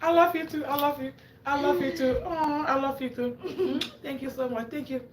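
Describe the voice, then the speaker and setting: A woman from Africa, hosting a livestream and telling a story in an animated way, laughing often and acting out quotes. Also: sits high, normal speed, echoey room, background noise. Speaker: livestream host. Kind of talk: animated storytelling to a live audience.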